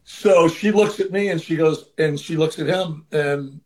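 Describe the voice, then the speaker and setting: In a casual interview, a man with a fairly high voice and a measured pace tells an earnest personal story. The guest, a former baseball manager, occasionally acts out how others in the story sounded.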